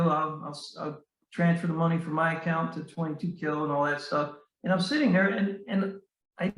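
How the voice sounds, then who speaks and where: A man telling a personal story as a podcast guest, speaking in an earnest, heartfelt way with frequent halting restarts and fillers. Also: high voice, recorded from a distance. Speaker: guest, Navy veteran and author. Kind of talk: casual storytelling in a podcast interview. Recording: roomy sound, voice set back from the mic.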